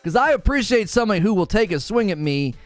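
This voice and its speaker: Young guy streamer from northern ohio, high bouncy voice, teasing chat and laughing, dry close mic, a little music behind. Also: sing-song, fast, dry recording. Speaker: gaming streamer. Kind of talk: casual live-stream chat.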